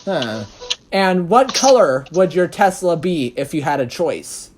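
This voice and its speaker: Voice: mid-range voice, very animated, a little slow. An interviewer hosting a casual chat about a fan production, rambling and restarting sentences. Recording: noisy background hiss.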